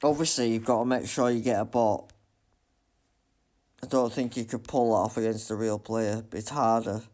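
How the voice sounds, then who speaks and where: A man streaming a racing game live, muttering commentary to himself and breaking into loud self-mocking outbursts. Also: lowish voice, fairly even intonation, moderate pace. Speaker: gaming streamer.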